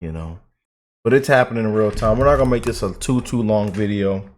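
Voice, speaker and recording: Hyped commentary host. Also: male voice, on the low side, fairly quick. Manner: hyped, repeats himself, quotes imagined critics. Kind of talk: casual commentary.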